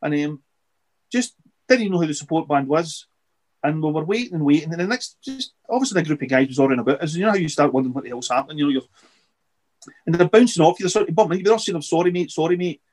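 A middle-aged man with a slightly high voice, talking as a podcast guest. He rambles in a halting, easy way, repeating words as he gathers his thoughts. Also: expressive, a little mellow. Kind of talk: casual interview chat.

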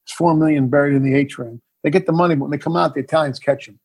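A man's voice: a little high, fairly even intonation, very fast, darkish tone, husky. A middle-aged man, a filmmaker guest in a casual interview, telling a story animatedly and acting out the scenes.

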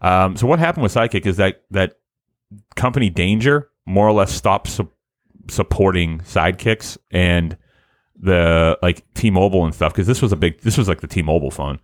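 A man chatting casually as a podcast co-host, laughing often and rambling with restarts, his voice a little hoarse from the morning. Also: low voice, moderate pace, no room sound, clean studio sound. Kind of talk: casual chat.

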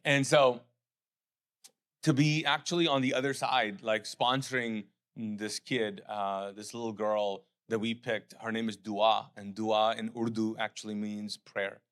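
A middle-aged pastor from Pakistan, preaching a sermon with animated storytelling that settles into quiet, earnest reflection. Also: male voice, on the low side, unhurried.

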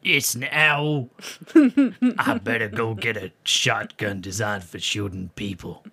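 A man's voice: on the low side, fairly even intonation, very slow, vocal fry, bright, forceful tone, breathy edge, pitched below the performer's own voice, heavily acted. A man putting on a mock American accent to play a brash, gun-happy American man. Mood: blustering.

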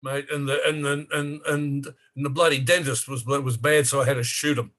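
A man with an Australian accent co-hosting a podcast over a video call, stumbling over repeated words and cracking deadpan jokes. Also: mid-range voice, normal speed. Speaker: podcast co-host. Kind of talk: casual podcast banter.

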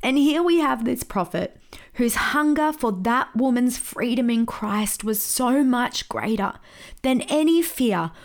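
A woman pastor hosting a podcast, teaching through lively stories and laughing at the tale she tells. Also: a little high. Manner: lively storyteller, laughs at her own story.

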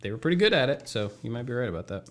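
A man's voice: medium pitch, big pitch swings, racing. A man co-hosting a casual podcast chat, laughing easily. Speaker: podcast co-host.

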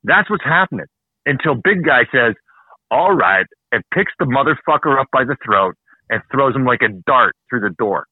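A man from Canada hosting a heated political talk show, ranting fast and swearing often. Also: mid-range voice, expressive, slightly rough, dry recording. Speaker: show host. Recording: dry, phone-like narrow sound.

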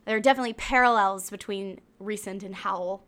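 A young woman co-hosting a podcast, chatting with enthusiasm. Her voice is bright and sharp at a middle pitch, and she giggles and restarts her sentences as she talks. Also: fairly quick. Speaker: podcast co-host. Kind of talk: casual chat.

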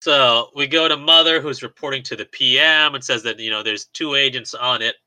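A man with a very bright, forward voice recaps a movie in casual podcast chat. He wanders through the plot, leaning on "like" and small restarts. The sound is dry and close. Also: mid-range voice, a little fast, dry recording, rough recording. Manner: rambling recap with fillers like "like". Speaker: podcast co-host.

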